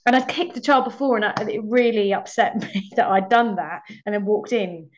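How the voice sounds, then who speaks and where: A woman's voice: mid-range voice, moderate pace, slight background noise. A young woman actor telling stories in a casual conversation, laughing often and acting out her own past remarks. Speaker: actor, podcast guest. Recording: slightly muffled, lo-fi audio.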